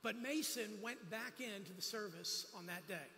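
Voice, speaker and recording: A man's voice: sits high, normal speed, sharp tone, big-room sound, slight background noise. A man giving a sermon as a guest preacher at a church, telling personal stories with humorous asides. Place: church sanctuary.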